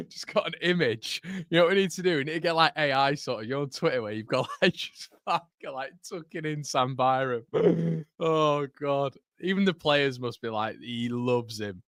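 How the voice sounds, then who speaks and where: A man's voice: on the high side, moderate pace, a bit bright, dry recording, clean studio sound. A young man hosting a live football watchalong, chatty and casual, who keeps breaking into giggles. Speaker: host.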